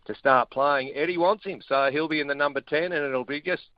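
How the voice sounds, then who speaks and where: A middle-aged man, a former rugby player talking sport as a radio guest in a blunt, chatty, excitable way. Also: a little high, fairly quick, dry recording, highs cut off. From Australia. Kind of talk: casual sports chat.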